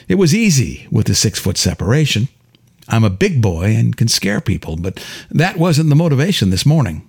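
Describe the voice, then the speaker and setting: A man reading his own detective story aloud in a wry, deadpan first-person style. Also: fairly low pitch, vocal fry, slightly rough. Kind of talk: audiobook narration.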